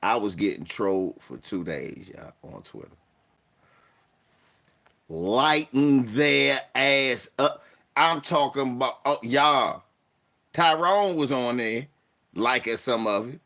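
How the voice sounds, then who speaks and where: A man's voice: medium pitch, takes it slowly. A man in his forties telling profane stories in casual chat, laughing often and acting out the people he quotes. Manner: profane, laughs often, animated story voices. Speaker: podcast host telling stories.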